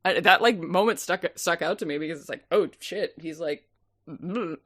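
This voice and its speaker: A woman's voice: lowish voice, brisk, a bit bright, no room sound, studio quality. A woman co-hosting a movie podcast, rambling and laughing as she picks apart a film. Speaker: podcast co-host. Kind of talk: casual movie-review chat.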